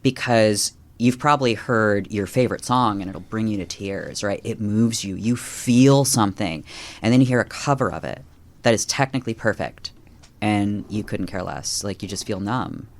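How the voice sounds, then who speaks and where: A man's voice: on the low side, moderate pace. A man on a podcast as a guest, telling a personal spiritual story in a conversational way and acting out quoted lines with a lifted voice. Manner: animated, acts out quoted lines in a raised voice; many fillers and restarts.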